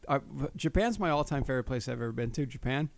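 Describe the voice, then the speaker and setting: A man hosting a podcast who talks in loud, joking, crude banter. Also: mid-range voice, lively intonation, fast, vocal fry, a little hiss or hum. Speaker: podcast host. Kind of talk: casual chat.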